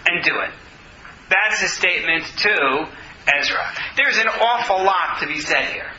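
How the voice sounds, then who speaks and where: A man's voice: high voice, lively intonation, measured pace, sharp tone. A man teaching a scripture study class, reading verses aloud, translating and explaining them, and taking questions from his students. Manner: reads Hebrew verses then translates, explains and takes questions. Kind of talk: text study lecture with questions. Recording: dull, roomy classroom audio.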